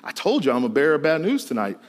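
A man's voice: on the high side, big pitch swings, fast talker, big-room sound. A male pastor preaching a sermon to students in an emphatic, storytelling way. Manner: storytelling, emphatic, rising to exclamations.

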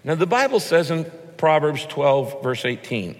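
A man preaches a sermon with emphatic, punchy delivery, and his pitch swings widely as he drives each point home. His voice is bright and a little high for a man. The sound carries the long reverb of a large hall. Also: sing-song, measured pace, hardly any pauses. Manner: emphatic preaching with punchy rhymes, mock voices for quoted people. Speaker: pastor.

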